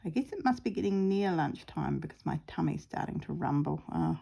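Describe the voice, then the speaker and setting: A woman's voice: low-pitched, lively intonation, a little fast, creaky, mellow, husky. A middle-aged woman with a New Zealand accent, chatting away in a rambling, self-deprecating way as she sews outdoors at home, sometimes dropping to a murmur. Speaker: sewing vlogger. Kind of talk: casual crafting chat.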